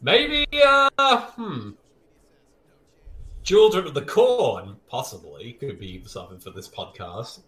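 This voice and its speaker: A man's voice: medium pitch, very animated, takes it slowly, fairly bright tone. A man co-hosting a podcast, joking and swearing freely in casual banter while watching a movie. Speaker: podcast co-host.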